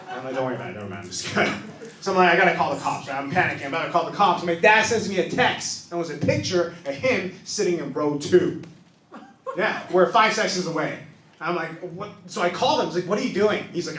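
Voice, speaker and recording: A man's voice: on the high side, animated, roomy sound, recorded from a distance, crowd noise. A man doing a stand-up comedy set in a small club, telling stories and briefly voicing the people in them. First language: not English. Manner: storytelling, acts out characters in quick bursts. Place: small improv club stage, live audience.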